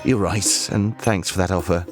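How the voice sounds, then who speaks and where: A man's voice: deep voice, steady tone, normal speed, soft background music, lightly acted. A man voicing an earnest young male fighter, a loyal ally, in a video game. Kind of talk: voiced game dialogue.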